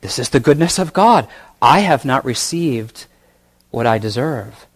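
A man preaching a sermon in a church, reading scripture slowly and with emphasis, with soft asides and chuckles. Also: mid-range voice, expressive, husky.

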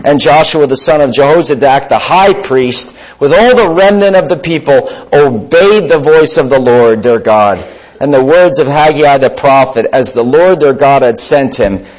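A man preaching a sermon, telling a Bible story with lively storytelling and reading scripture aloud. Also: mid-range voice, low-quality recording. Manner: animated storytelling, voices the disciples and Jesus.

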